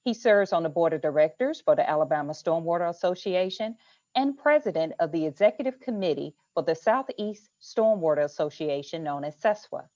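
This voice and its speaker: Low-voiced woman reading a formal introduction. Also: expressive, dark tone. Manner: measured and formal. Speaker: environmental health specialist introducing the speaker. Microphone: video call. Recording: muffled video-call audio.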